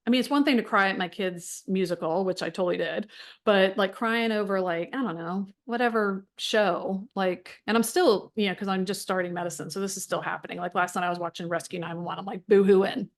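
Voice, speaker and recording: Chatty, frank middle-aged woman. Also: mid-range voice. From United States. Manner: chatty, frank, many fillers and restarts. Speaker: wellness group leader. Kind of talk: casual talk to a support group.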